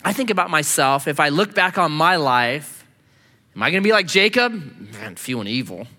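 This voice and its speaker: A man preaching a sermon as a pastor, telling stories with lively, acted-out voices. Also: on the high side, normal speed, big-room sound. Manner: animated storytelling, acting out quoted voices.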